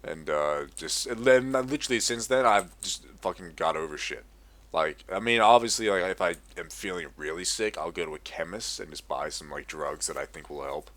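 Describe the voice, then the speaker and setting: A man's voice: low-pitched, normal speed, a bit bright, dry recording. A young man ranting profanely in a casual gaming commentary. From Australia. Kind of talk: casual rant over gameplay.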